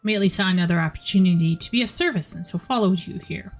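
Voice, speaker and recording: A woman's voice: lowish voice, racing, faint music behind. A woman reading the lines of a polite, earnest male shipwright in a formal, courteous way. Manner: formal, courteous read-aloud delivery.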